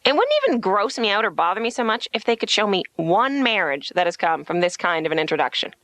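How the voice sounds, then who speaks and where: A woman comedian talking to her therapist, telling deadpan jokes and slipping into quick put-on voices. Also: mid-range voice, no room sound. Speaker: patient, comedian. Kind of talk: stand-up style monologue in a cartoon.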